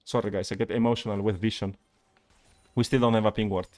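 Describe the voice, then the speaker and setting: A man's voice: fairly low pitch, fast. Exasperated male coach. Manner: exasperated, animated critique. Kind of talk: live-streamed gameplay review.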